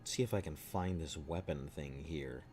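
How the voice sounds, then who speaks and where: A man streaming a game, thinking aloud and reading on-screen text in a casual, rambling way, with a slightly rough, throaty voice from clearing his throat often. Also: rumbling low, moderate pace, a little mellow, soft background music. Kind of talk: casual gameplay commentary.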